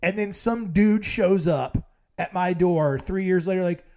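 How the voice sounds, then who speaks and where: A man's voice: sits high, a little slow, darkish tone. A man hosting a podcast, recapping the episode in a rambling, wry way full of fillers. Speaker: podcast host.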